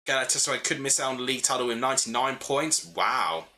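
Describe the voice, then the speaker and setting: A young man with a bright, forward voice hosts a live football watchalong. He calls the action as it happens and answers viewers' chat in between, thinking out loud as he talks. His pitch sits in the middle of the male range. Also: steady tone, rapid-fire. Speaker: livestream host.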